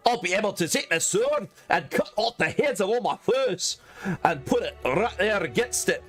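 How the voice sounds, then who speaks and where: A man's voice: high-pitched, expressive, normal speed, faint music behind. A man playing a boastful Scotsman sword fighter who brags about cutting down his foes. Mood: swaggering. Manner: boisterous, swaggering bravado. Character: boastful sword-swinging Scotsman warrior, bloodthirsty and brash.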